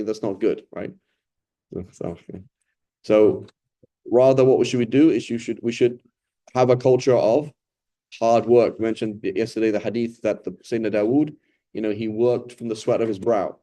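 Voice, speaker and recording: A man's voice: mid-range voice, fairly even intonation, brisk, warm tone. A man giving a casual, conversational Quran lesson, often checking in with "right?" and briefly acting out the people he describes. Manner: acts out quoted complainers and beggars. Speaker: Quran teacher.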